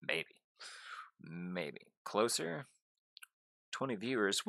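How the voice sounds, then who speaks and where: A young man giving casual gameplay commentary, gushing excitedly and talking straight to his viewers. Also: lowish voice, unhurried, no echo, clean studio sound. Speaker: gaming YouTuber.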